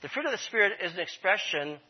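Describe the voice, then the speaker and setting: A man's voice: high-pitched, big pitch swings, fast talker, breathy edge. A man leading his congregation in an earnest sermon, repeating key phrases for emphasis. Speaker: congregation leader. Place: congregation room. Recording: dull lo-fi sermon recording.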